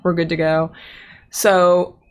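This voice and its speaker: A woman's voice: fairly low pitch, flat delivery, takes it slowly, clear, resonant tone. A woman hosting a podcast, telling a story in casual chat, exasperated and swearing freely, and acting out the people in it. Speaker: podcast host.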